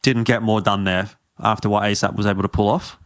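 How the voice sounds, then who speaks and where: A man casting a live esports match as play-by-play commentator, excitable, his voice leaping up on big plays. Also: lowish voice, fairly quick, dry recording. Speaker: esports caster.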